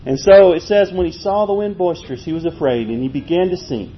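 High-voiced folksy preacher man, muffled. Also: brisk. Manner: folksy, animated preaching with chuckles. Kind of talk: sermon. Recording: muffled, low-fi with faint noise.

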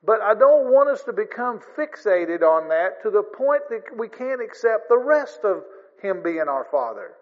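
Preacher guy, folksy and earnest, kinda high voice, echoey church hall. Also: big pitch swings, normal speed. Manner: earnest, folksy, rising emphasis. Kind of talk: sermon. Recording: long reverb, dull lo-fi sound.

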